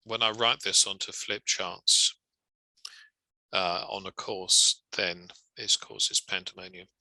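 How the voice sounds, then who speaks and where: Male legal trainer, gravelly and bright-edged, wry and measured, dry close sound. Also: deep voice, fairly even intonation, dry recording, low-quality recording. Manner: measured, wry, conversational explaining. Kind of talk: recorded lecture.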